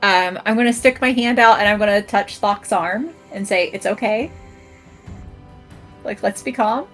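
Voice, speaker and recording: A woman playing a tabletop game, speaking calmly and soothingly in character. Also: mid-range voice, a little slow, soft background music. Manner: calm, soothing, gentle. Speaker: player.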